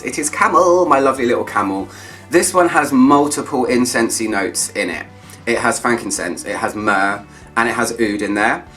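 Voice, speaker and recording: Friendly male vlogger, mid pitch, gushing casual delivery, slightly distant mic. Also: fairly bright tone. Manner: enthusiastic, chatty, lingers on descriptive words. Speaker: fragrance reviewer. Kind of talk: casual chat to camera.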